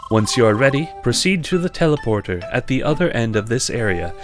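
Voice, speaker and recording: A man's voice: medium pitch, sing-song, fairly quick, lightly acted. A man voicing a polite official announcer who gives formal instructions. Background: game music.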